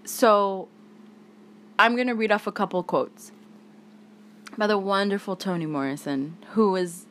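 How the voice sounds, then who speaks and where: A woman's voice: medium pitch, a little slow, slight background noise. A woman hosting a solo podcast, talking angrily with heavy swearing, tired. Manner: angry, heavy swearing, emphatic. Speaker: podcast host.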